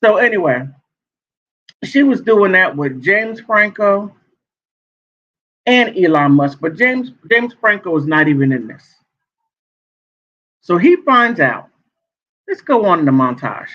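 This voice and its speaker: A man giving sassy, animated gossip commentary as a vlogger, laughing often. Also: sits high, a little slow, long pauses. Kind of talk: casual commentary. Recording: dull lo-fi sound.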